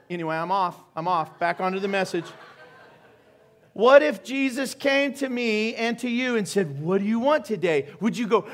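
A man preaching a sermon as pastor, animated and joking, asking the congregation questions. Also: sits high, normal speed.

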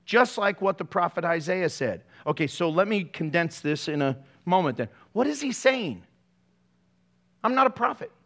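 A man with a high voice preaches a casual sermon to his congregation. He jokes between scripture readings and keeps the tone playful. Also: big pitch swings, normal speed, few pauses. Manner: playful, jokey asides to the congregation. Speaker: pastor.

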